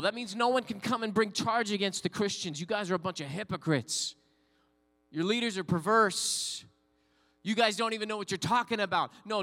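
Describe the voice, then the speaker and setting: A man preaching a sermon from the pulpit, his voice pitched high and bright. He rises to fervent calls and call-and-response with the congregation. A long reverb hangs on every line. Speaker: pastor.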